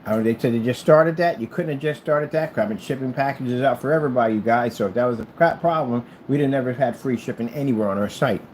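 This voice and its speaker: A man's voice: mid-range voice, quick pace, few pauses, darkish tone, slight background noise. A middle-aged man vlogging at home off the cuff, blunt and combative as he runs his small business talk. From United States. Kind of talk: casual unscripted vlog.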